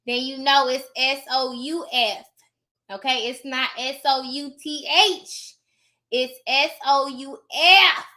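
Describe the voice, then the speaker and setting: Bright high-voiced woman with Southern twang. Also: a little slow. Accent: put-on Southern US. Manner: emphatic, chatty, keeps asking "okay?". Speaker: notary host of a live stream. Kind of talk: casual live-stream chat.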